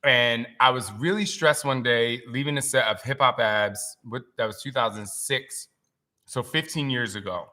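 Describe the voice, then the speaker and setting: A man in his forties hosting a casual live-stream chat, telling stories in an animated, emotional way. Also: mid-range voice, moderate pace.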